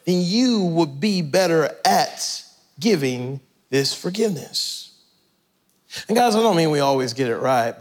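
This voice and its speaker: Male pastor, high-pitched, conversational sermon with animated asides.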